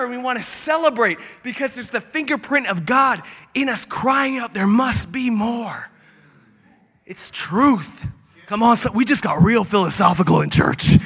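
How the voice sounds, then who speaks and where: A man preaching a sermon in church, energetic and animated, breaking into shouts, and out of breath. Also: very high voice. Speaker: pastor. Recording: echoey church hall.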